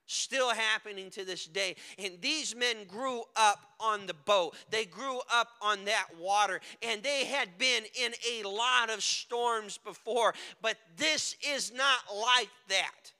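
A man preaching a dramatic sermon, swinging from hushed words to loud cries. His voice is very high and bright. It rings through a large hall with a long reverb tail. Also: slow pace, hardly any pauses, clear, resonant tone.

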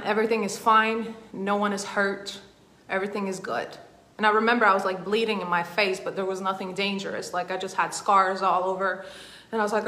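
A woman's voice: mid-range voice, bright, forceful tone, echoey room. A woman coach telling a personal story in a masterclass, conversational and rambling with restarts. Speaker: emotional intelligence coach.

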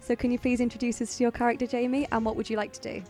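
A woman's voice: fairly high pitch, little pitch movement, rapid-fire, darkish tone, faint music behind. A woman narrating as game master of a tabletop game, telling the scene in a descriptive storytelling way.

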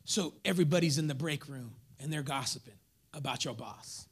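A man preaching a sermon as pastor, swinging between loud emphatic lines and hushed whispers while acting out members of the congregation. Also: on the high side, brisk, slightly rough.

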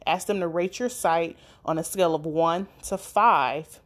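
A woman's voice: fairly low pitch, unhurried. A woman giving practical, direct advice on running a business website, with occasional fillers. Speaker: business coach. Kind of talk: instructional talk.

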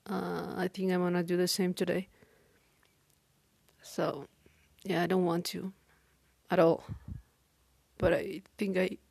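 A woman talking through a halting, weary personal diary monologue, with many restarts. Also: on the low side, vocal fry, a little mellow, husky, no echo. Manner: weary, downcast. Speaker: podcaster.

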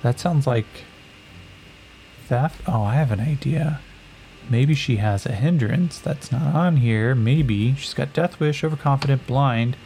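Give me a slow, gravelly man narrating a solo tabletop game. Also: medium pitch, slight background noise, poor audio. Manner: relaxed and unhurried, with many fillers.

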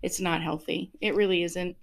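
A woman's voice: fairly low pitch, steady tone, normal speed, gravelly. A woman in her fifties co-hosting a podcast, talking candidly in casual chat, laughing often and acting out what people said. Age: 50s. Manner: candid, laughs often, acts out past dialogue. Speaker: podcast co-host.

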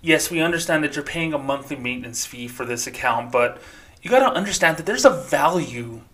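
A man's voice: a little high, expressive, a little fast, a bit bright. A man voicing a polite, scripted male bank customer-service rep who reassures and sells. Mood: smooth salesy.

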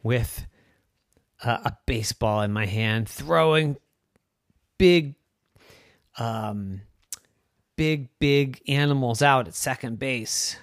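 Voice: mid-range voice, slow pace, pauses often, no room sound, clean studio sound. A storyteller voicing a small, brave, boastful mouse who pleads and insists he can play. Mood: insistent.

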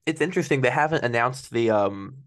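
A man's voice: mid-range voice, lively intonation, a little fast. A man hosting a podcast interview as an eager fan, peppering his talk with "you know". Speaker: podcast host and fan channel owner. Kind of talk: casual interview chat.

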